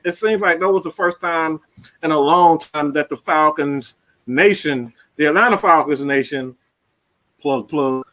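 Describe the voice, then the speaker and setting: Male host, brash profane sports ranter, bright ringing tone. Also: fairly high pitch. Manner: loud, profane, fired-up ranting. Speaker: podcast host. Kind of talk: heated sports-talk rant.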